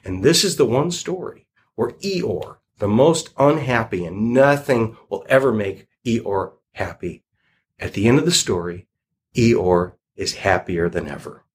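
A man's voice: lowish voice, lively intonation, a little slow, husky. A man retelling a children's story and drawing a lesson from it, in a reflective, rambling way.

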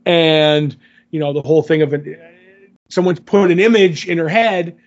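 A man's voice: a little high, steady tone, moderate pace, dull audio. A man casually recapping a TV episode in a loose, rambling way, full of fillers. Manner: rambling, filler-heavy retelling. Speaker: podcast co-host.

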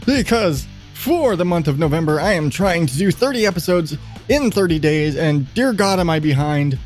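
A man's voice: a little high, animated, normal speed, darkish tone, faint music behind. A man hosting his own podcast in a chatty, self-deprecating monologue that rambles with frequent restarts. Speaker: podcast host. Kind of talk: casual monologue.

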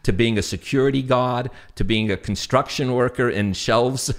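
A man with a New York accent, a guest telling animated stories in an interview, acting out voices and laughing often. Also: mid-range voice, normal speed. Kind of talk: storytelling interview.

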